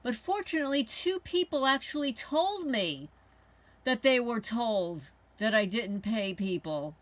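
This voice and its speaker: A woman's voice: a little high, animated, measured pace, a bit bright, no room sound. A woman hosting a homesteading channel, talking to camera in a heated, indignant monologue and swearing now and then. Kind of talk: rambling angry monologue to camera.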